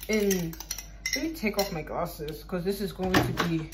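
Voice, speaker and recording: A woman's voice: fairly low pitch, moderate pace. A young woman from Ireland chatting casually in her home kitchen while baking, rambling, joking and swearing freely. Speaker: vlogger. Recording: noisy home recording.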